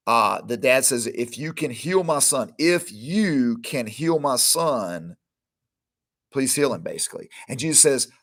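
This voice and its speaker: A middle-aged man hosts a podcast and gives a Bible teaching in a conversational, informal way. His voice sits at a medium pitch. He acts out the lines of the people in the stories he retells. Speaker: podcast host teaching scripture.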